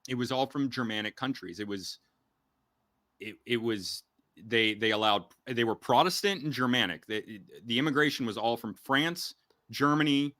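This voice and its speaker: A man's voice: medium pitch, normal speed, bright, forceful tone, no room sound, clean studio sound. A young man hosting a casual podcast conversation, talking emphatically and rambling with frequent restarts. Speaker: podcast host.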